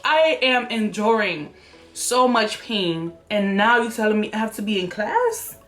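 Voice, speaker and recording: A young woman telling viewers a story in a casual vlog at home, animated and chatty, acting out what people said to her. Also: mid-range voice, measured pace, faint music behind. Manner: animated, talks straight to viewers, acts out quotes. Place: room at home by an open window.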